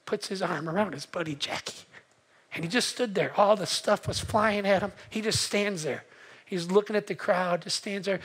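Earnest male pastor preaching. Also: high voice. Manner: earnest storytelling, slow emphatic pauses, asks the congregation. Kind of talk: sermon.

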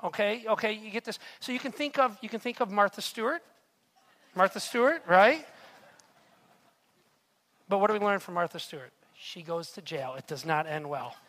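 Animated man preaching a sermon. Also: sits high, normal speed, long pauses. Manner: animated storytelling with rhetorical asides. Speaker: pastor.

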